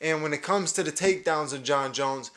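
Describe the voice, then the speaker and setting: Young man, podcast host, fairly high voice, eager, repeats himself, solo fight analysis. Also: fairly quick, fairly bright tone. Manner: enthusiastic, repeats words and restarts often.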